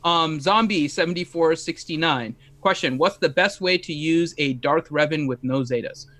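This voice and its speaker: A man's voice: fairly high pitch, moderate pace, a bit bright. A man co-hosting a casual live stream, joking and laughing often while reading viewer questions. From Indian descent. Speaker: co-host.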